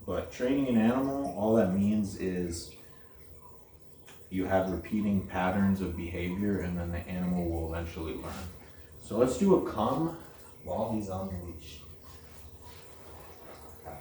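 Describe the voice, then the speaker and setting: Low, mellow-voiced man training a puppy. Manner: blunt, repetitive, saying "okay?" often. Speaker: dog trainer. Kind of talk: casual instructional talk. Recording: roomy, distant camera audio with faint noise.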